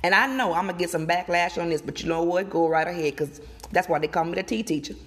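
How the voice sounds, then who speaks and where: A woman vlogger recording outdoors, giving emphatic, animated opinion commentary and talking straight to her viewers. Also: lowish voice, fast talker. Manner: emphatic, animated, repeats and addresses viewers directly. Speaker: gossip vlogger.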